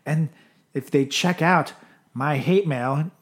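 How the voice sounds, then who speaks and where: A man's voice: on the high side, slow pace. A man from Venezuela co-hosting a casual podcast, joking crudely and reading sponsor plugs. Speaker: podcast co-host. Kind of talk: casual chat.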